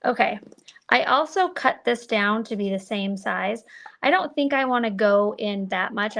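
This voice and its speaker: A woman with a slightly high voice and a gravelly fry runs a live card-making demo. She chats to her viewers as she works and pokes fun at her own methods. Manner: chatty, self-deprecating, talks to viewers while working.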